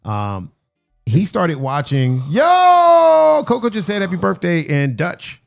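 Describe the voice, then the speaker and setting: A man's voice: high voice, huge pitch swings, slow pace, gravelly, faint music behind. A man hosting a casual birthday podcast with friends, rambling and laughing often. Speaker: podcast host.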